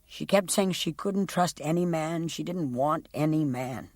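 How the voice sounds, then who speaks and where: A woman voicing a young woman testifying about her sister in an audiobook, speaking quietly and haltingly. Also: low-pitched, dry recording, clean studio sound. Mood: distressed. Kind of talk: audiobook character reading.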